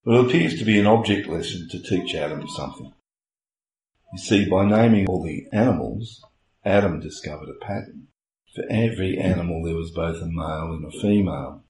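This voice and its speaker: A man's voice: on the low side, moderate pace, a little mellow. A man preaching a sermon as a pastor, explaining earnestly with homely everyday illustrations, recorded in a church. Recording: echoey room with faint hiss.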